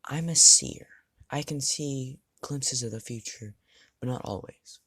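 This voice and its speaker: A calm, self-assured young swordsman who wields ice magic, as a man storyteller puts him on. He speaks at a mid-range pitch, plainly and evenly. The sound is dry and close. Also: a little slow, husky, no room sound.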